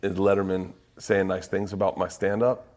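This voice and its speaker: A middle-aged man, a stand-up comic, chatting casually on a podcast. His speaking voice sits fairly low. When he gets animated, his pitch leaps up sharply. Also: normal speed. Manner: excited, animated storytelling with jumps in pitch. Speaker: stand-up comedian.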